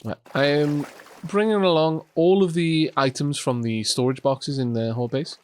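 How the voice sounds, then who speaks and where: A man's voice: a little high, steady tone, moderate pace, a little mellow, no echo. A man hosting a co-op game let's play, chatting casually with dry sarcastic humor and frequent hesitations. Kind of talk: casual co-op gameplay chat.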